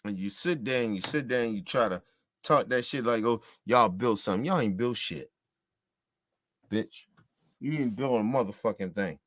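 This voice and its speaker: A man's voice: medium pitch, animated, normal speed, pauses often, no room sound. A man from the United States delivering a heated, profane, repetitive ranting monologue as a show host.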